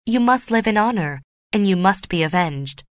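A woman's voice: medium pitch, expressive, normal speed, no room sound, clean studio sound, close to an everyday voice. A woman reading the lines of an earnest, devoted young male guard.

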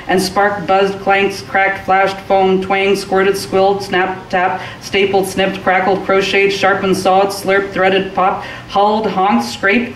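A woman's voice: medium pitch, steady tone, normal speed, hardly any pauses. A woman giving a live reading of a short story, rolling expressively through long rhythmic lists. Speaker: reader. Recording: roomy and distant from the mic, faint hiss.

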